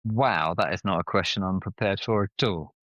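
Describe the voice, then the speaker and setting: Animated man telling stories. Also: moderate pace, dry recording. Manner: animated storyteller, playful swings in pitch. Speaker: podcast guest. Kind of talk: casual chat. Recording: slightly muffled, dry sound.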